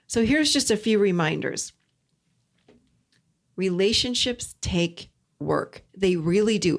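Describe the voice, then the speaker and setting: A woman host giving relationship advice in an earnest, emphatic storytelling manner, repeating her key points. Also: medium pitch. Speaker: podcast host and relationship coach. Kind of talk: storytelling self-help talk.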